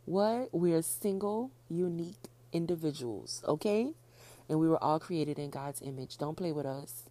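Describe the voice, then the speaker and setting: Fast-talking low-voiced woman podcaster. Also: warm tone. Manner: fast-talking, chatty, repeats herself for emphasis. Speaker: podcast host. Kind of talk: casual solo podcast talk.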